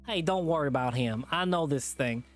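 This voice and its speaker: A gruff hillbilly animal thug, as a man puts him on for a visual novel reading, pitched a little above the reader's own voice. He talks slow and heavy, leaning on each threat. Faint music plays underneath. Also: animated, lightly acted. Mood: menacing.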